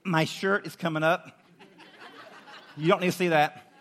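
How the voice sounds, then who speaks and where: A man preaching to a youth group, animated and pleading, acting out a story with a volunteer from the audience. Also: a little high, a little slow. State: out of breath. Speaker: youth pastor. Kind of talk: sermon with audience demonstration. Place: church hall with audience.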